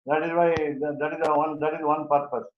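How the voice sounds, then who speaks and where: A man teaching a grammar class in a slightly high voice, pausing often and restarting his sentences. The sound is roomy and dull, like a lo-fi online class recording with the echo of a bare room. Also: flat delivery, slight background noise. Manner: halting, many fillers and restarts. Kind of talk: Sanskrit grammar class discussion.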